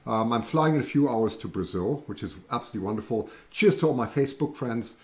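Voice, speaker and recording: A man with a German accent hosts a relaxed livestream and rambles from one thought to the next. He reads out viewer comments as he goes, and his voice sits at an ordinary middle pitch. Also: fast talker. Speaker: livestream host. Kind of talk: casual livestream chat.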